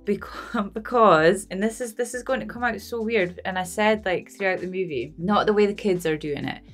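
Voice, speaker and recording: Scottish woman vlogger, loose rambling chat, frequent laughs, mid pitch. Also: normal speed, soft background music. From Scotland. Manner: rambling and self-deprecating, laughs often. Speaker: movie reaction vlogger. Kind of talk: casual unscripted chat to camera.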